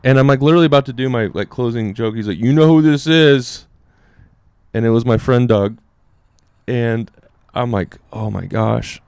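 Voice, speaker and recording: A man's voice: fairly even intonation, brisk, vocal fry, darkish tone, clear, resonant tone, no echo. A young adult man, a guest comedian, tells a story in casual chat, rambling with fillers and acting out quotes. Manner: rambling, many fillers, acts out quotes in a higher voice.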